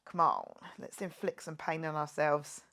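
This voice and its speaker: A woman's voice: deep voice, a little slow, creaky, a bit bright. A woman fitness instructor leading a guided workout class, joking around as she counts reps and cheers her viewers on. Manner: playful, jokey, counts reps aloud and cheers on.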